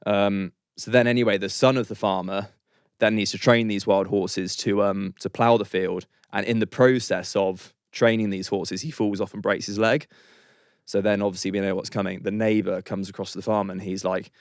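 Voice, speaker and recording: A man's voice: on the low side, fairly even intonation, normal speed, clean tone, no room sound, clean studio sound. An English man in his thirties, a podcast guest who is losing his voice, telling a story in a rambling, chatty way full of "like" and "um". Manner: rambling, chatty, says "like" and "um" often. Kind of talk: casual storytelling.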